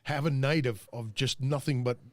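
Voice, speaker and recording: A man's voice: medium pitch, moderate pace, dry recording. A man from the United States hosting a podcast, asking questions in a rambling way, full of fillers. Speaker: podcast host. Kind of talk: casual podcast interview.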